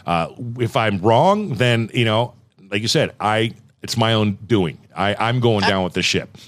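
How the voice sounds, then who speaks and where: A frank, excitable man hosting a podcast, with a fairly low voice. He pokes fun at himself as he talks. The recording is dry and close, with no room sound. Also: measured pace, no echo. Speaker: podcast host, radio station owner. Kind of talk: casual chat.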